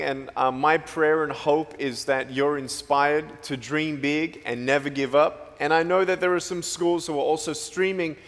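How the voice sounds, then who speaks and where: A man from Australia giving a playful, joking motivational talk to students in a large school hall. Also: fairly high pitch. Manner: playful, joking, lively storyteller. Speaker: motivational speaker.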